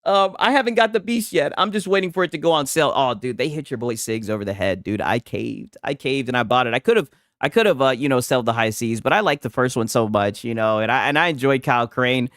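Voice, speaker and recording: A man's voice: mid-range voice, fairly quick, a bit bright, no echo, studio quality. A man hosting a casual gaming livestream, reading chat aloud, talking loose and profane with frequent laughs and restarts.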